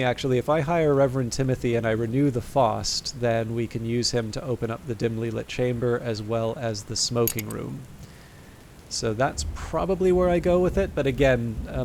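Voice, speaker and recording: A man's voice: medium pitch, gravelly, a little mellow, slight background noise. A man commentating a game late at night, thinking aloud with hesitant restarts and reading game text, a little tired. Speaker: gameplay commentator.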